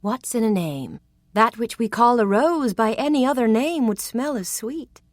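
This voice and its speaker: Cautious proper gentleman read by a woman, flustered, stuffy, dry close voice. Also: a little high, animated, moderate pace, no room sound, pitched above the performer's own voice, lightly acted.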